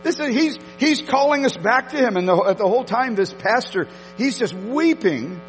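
A man preaching a sermon, telling a story with emphatic repetitions and animated delivery. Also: very high-pitched, moderate pace, in a large hall, faint music behind, low-quality recording. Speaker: pastor.

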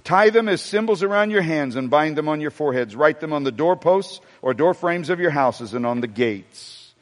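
Lively, animated male preacher. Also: fairly high pitch, normal speed. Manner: animated preaching with humor and asides to the congregation. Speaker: pastor. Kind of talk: sermon. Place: church sanctuary before a congregation. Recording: long hall reverb.

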